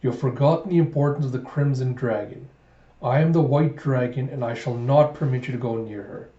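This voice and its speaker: A man voicing a proud, stern male dragon warrior in a comic-book readthrough, speaking low and hushed. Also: brisk, reverberant, highs cut off, lightly acted.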